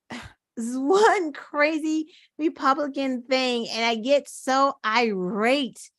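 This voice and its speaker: A woman's voice: sits high, extremely slow, no room sound. A woman hosting her own show, talking in casual political commentary with indignant rhetorical questions and swearing. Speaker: show host.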